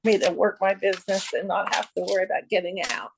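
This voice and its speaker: A woman from Ohio asking a question on a group call. She speaks politely and gratefully, with a few hesitations and apologies, at a medium pitch. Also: flat delivery, fast, noisy background. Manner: polite, appreciative, a little hesitant. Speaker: caller.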